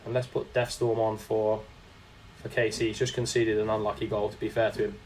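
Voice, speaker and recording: A man's voice: fairly low pitch, little pitch movement, fairly quick, a little hiss or hum. A young man, chatting casually while commentating his own game on a live stream and answering viewers. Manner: chatty, reacting to the game and reading chat aloud.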